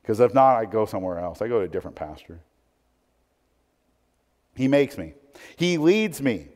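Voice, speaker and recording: Male pastor preaching, conversational, loud then hushed, long church-hall reverb. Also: mid-range voice, lively intonation, moderate pace, long pauses. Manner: swings from loud emphatic to hushed, conversational asides. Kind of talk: sermon.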